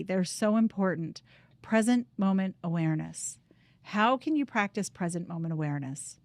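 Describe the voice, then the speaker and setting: A middle-aged woman talks in an earnest, heartfelt way and slows right down to guide the listener through a grounding practice. Her voice sits at an ordinary pitch for a woman, and the recording is dry and close, with no room echo. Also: a little mellow. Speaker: grief coach and host. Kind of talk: reflective personal talk and guided practice.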